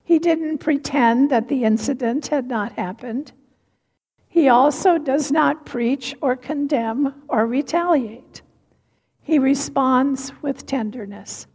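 A woman giving a sermon, telling a story slowly and reflectively. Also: high-pitched, a little mellow. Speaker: preacher. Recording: reverberant hall.

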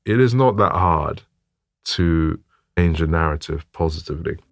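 A man's voice: rumbling low, expressive, moderate pace, dry recording. A man, a photographer telling a story thoughtfully in an interview and often repeating words as he gathers his thoughts. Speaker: photographer guest.

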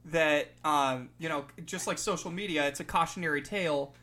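A man's voice: fairly high pitch, moderate pace, pushed and bright. A man guest on a podcast, earnestly explaining chords and melody while workshopping a song. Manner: earnest, explains music theory. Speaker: guest musician. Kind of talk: casual songwriting chat. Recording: roomy and distant, guitar behind.

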